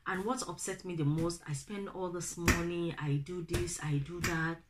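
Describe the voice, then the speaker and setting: A young Nigerian woman with a Nigerian accent, telling a family story to her viewers, animated and acting out the people she quotes. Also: on the low side, moderate pace, few pauses, heavy background noise. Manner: animated, acts out quoted family members in raised voices. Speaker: vlogger. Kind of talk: casual storytelling to camera.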